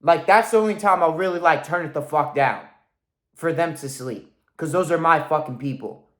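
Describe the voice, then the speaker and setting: A man in his thirties delivers a motivational rant as a coach, intense and emphatic, with profanity in nearly every line. His voice sits a bit high for a man, and the recording carries a roomy echo. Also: normal speed, fairly bright tone. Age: 30s. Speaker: weight-loss coach.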